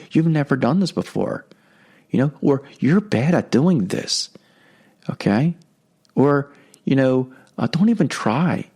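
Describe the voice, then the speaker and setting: A man's voice: medium pitch, creaky, a little mellow, husky. A man hosting a podcast, giving a conversational religious talk and often checking in with "okay?". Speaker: podcast host.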